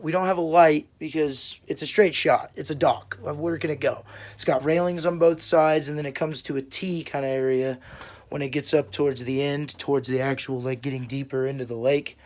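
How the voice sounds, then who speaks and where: A man's voice: fairly high pitch, darkish tone. A young man telling stories casually to his channel, laid-back and swearing freely, laughing now and then. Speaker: vlogger. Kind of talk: casual storytelling.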